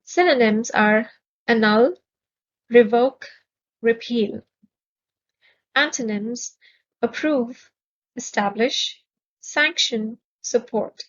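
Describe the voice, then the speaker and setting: Slow, careful woman teaching vocabulary. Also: on the high side, lo-fi sound. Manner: measured, clearly enunciated, stresses syllables.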